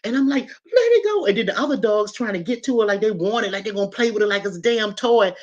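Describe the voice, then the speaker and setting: A woman hosting a livestream, chatting casually with viewers and telling animated, colloquial stories. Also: mid-range voice, fast talker, lo-fi sound. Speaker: livestream host. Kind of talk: casual chat and storytelling to viewers.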